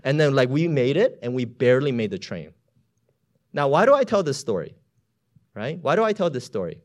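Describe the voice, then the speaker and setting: A male preacher delivering a casual, story-driven sermon. His pitch sits in a middle register but jumps around with animated swings, and he talks in loose run-ons packed with filler words, dropping quiet one moment and booming the next. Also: fairly quick, pauses often. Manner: chatty, heavy on filler words; swings from hushed to shouting.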